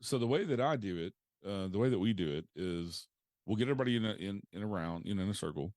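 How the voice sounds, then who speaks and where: A man, a paranormal investigator guest, calmly explaining his methods in casual conversation with frequent fillers. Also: lowish voice, fast, no room sound, studio quality.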